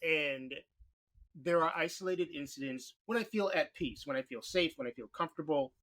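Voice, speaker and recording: A man from New York talking candidly as a podcast guest, in quick bursts and with casual swearing. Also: on the high side, a bit bright. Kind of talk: conversational interview.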